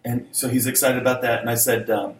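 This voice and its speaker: A man's voice: medium pitch, flat delivery, a little fast. A middle-aged man, co-hosting a podcast, rambling and often laughing in casual chat. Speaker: podcast co-host. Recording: roomy, distant mic with faint noise.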